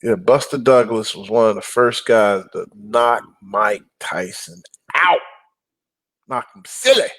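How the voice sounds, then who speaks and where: A middle-aged man talking casually as a guest, an animated storyteller who acts out quotes and growls for emphasis. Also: on the low side, unhurried, few pauses. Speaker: guest, apartment investor. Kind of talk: casual interview talk.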